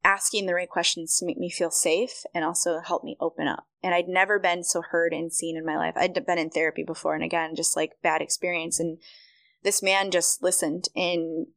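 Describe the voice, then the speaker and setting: A young woman from Michigan, a running coach, telling her story as a podcast guest in a chatty, animated way, acting out bits of dialogue. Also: lowish voice, brisk, vocal fry, no echo. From Michigan, USA. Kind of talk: casual storytelling interview.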